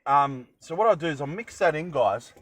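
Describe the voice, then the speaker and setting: A man's voice: a little high, expressive, normal speed, a bit bright, dry recording, poor audio. A young Australian man chatting casually while cooking in a van, rambling with jokey asides. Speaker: cooking vlogger. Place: van kitchen.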